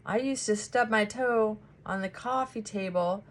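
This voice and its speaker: A woman therapist chatting casually while doing her makeup, animated and acting out her clients' voices. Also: mid-range voice, measured pace.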